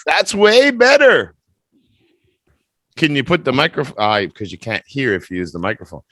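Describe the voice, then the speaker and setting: A man's voice: mid-range voice, big pitch swings, normal speed, bright, forceful tone, no echo. A man teaching English over a video call, teasing his student in a chatty, playful way before running a speaking test.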